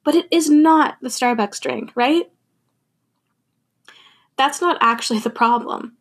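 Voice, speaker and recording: A woman's voice: high voice, unhurried, husky. A young adult woman talking candidly and thoughtfully about her feelings in a personal monologue, laughing now and then.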